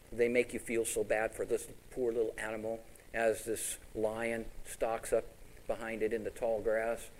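A man preaching a sermon, telling animated stories and asking his congregation rhetorical questions. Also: mid-range voice, low-quality recording.

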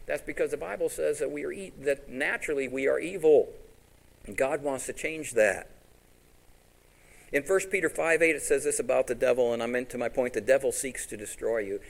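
A male preacher delivering a sermon. His voice sits at a middle pitch. He tells his stories with animation and keeps pressing the congregation with rhetorical questions. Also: normal speed, vocal fry, low-quality recording.

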